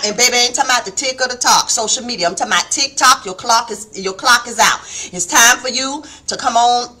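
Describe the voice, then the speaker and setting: A middle-aged woman preaches in a folksy, animated way over a live stream. Her voice is high and bright with a touch of huskiness. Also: slightly rough. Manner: folksy, animated preaching, calls listeners baby and honey. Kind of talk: live-streamed devotional sermon. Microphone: phone or webcam on a live stream.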